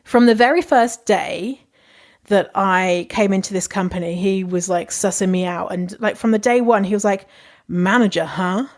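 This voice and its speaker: A woman's voice: medium pitch, normal speed, darkish tone. Candid woman podcasting. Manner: candid and chatty, swears freely, laughs often. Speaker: podcast host. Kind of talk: casual advice monologue.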